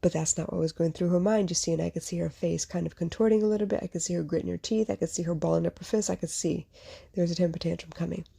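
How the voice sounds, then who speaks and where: Earnest woman podcaster, low gravelly voice, mellow and a bit husky. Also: steady tone, fast talker, hardly any pauses. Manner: earnest, reflective, speaks to listener directly. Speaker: podcast host; mother and small business owner. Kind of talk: personal storytelling monologue.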